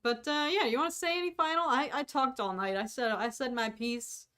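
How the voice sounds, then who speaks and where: A woman's voice: fairly high pitch, a little fast, a bit bright, clean tone. A woman co-hosting a casual livestream chat who talks freely, hedges her guesses and laughs at herself. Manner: chatty, self-deprecating, hedges often. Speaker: co-host of a fan podcast livestream.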